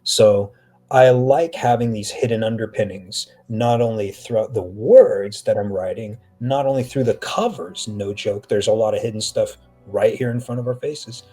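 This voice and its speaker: A man talking as a guest on an interview podcast, an animated storyteller who slips into acted-out quotes. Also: lowish voice, normal speed, breathy edge, faint music behind. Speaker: author and actor, podcast guest. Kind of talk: casual interview talk.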